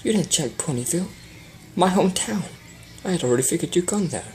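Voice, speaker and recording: A woman's voice: fairly low pitch, lively intonation, fast, mellow, faint music behind, pitched above the performer's own voice, close to an everyday voice. A woman reading a storybook and voicing a proud, dramatic unicorn mare with a haughty, theatrical manner. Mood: indignant.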